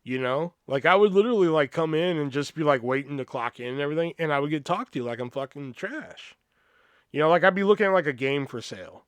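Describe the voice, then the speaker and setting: Profane, animated man telling stories. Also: fairly high pitch, fast talker, clear, resonant tone, no room sound. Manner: profane, animated, acts out quoted voices. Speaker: podcast host. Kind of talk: casual storytelling.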